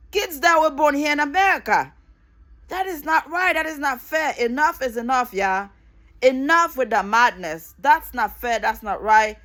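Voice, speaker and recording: A woman's voice: high voice, expressive, a little slow, fairly bright tone. Fired-up middle-aged woman ranting. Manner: angry, emphatic, repeats phrases, swears. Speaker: vlogger. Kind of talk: impassioned political rant to camera.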